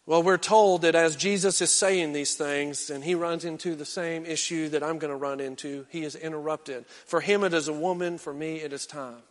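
A male pastor preaching a sermon, swinging from loud exhortation down to hushed, intense near-whispers. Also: fairly high pitch, fairly even intonation, moderate pace, hardly any pauses, big-room sound.

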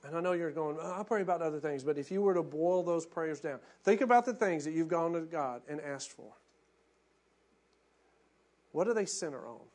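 A male pastor preaching a sermon, acting out quoted prayers with passion and dropping to hushed, reflective tones. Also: a little high, expressive, moderate pace, pauses often.

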